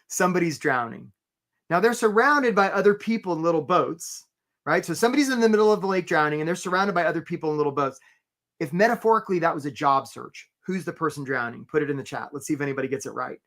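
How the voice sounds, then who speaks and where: Male career coach, webinar host, peppy and chatty, video-call sound. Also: a little high. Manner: energetic, upbeat, asks "right?" often. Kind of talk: live webinar presentation.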